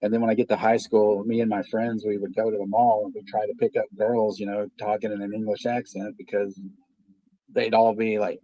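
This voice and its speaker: A Texan man in his fifties hosts a casual stream in a fairly low voice. He rambles loosely from one story to the next, swearing freely as he goes. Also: flat delivery, fairly quick, dark tone, no echo, low-quality recording. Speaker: watch party host. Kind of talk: casual livestream chat.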